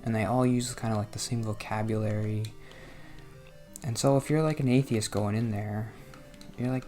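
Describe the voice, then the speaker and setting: A man's voice: on the low side, fairly even intonation, normal speed, long pauses, dark tone. Guy from new jersey rambling over his game, self-deprecating, groans and laughs at it, faint game music behind. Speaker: gaming vlogger. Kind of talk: casual commentary while playing a video game.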